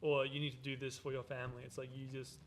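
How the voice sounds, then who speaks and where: A man's voice: mid-range voice, monotone, quick pace, a little hiss or hum. A young adult man hosting a casual podcast chat, musing and talkative. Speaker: podcast host.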